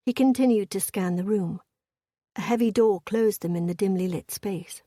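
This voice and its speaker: Female romance-audiobook narrator, measured and steady, warm breathy voice. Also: medium pitch, no echo, studio quality.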